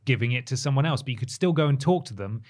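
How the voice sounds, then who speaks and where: A man talks games on a podcast with a middle-pitched, ordinary voice. He rambles casually, correcting himself mid-sentence and filling pauses with "uh". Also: lively intonation, darkish tone. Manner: rambling, with fillers and self-corrections. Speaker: podcast co-host. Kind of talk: casual chat.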